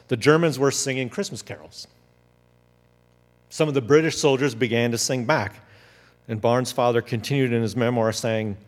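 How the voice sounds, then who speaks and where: A man tells a story in an animated way, acting out the quotes as he goes. His voice sits at a middle pitch. A long hall reverb hangs on every word. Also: normal speed, long pauses. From United States. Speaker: speaker. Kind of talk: storytelling talk.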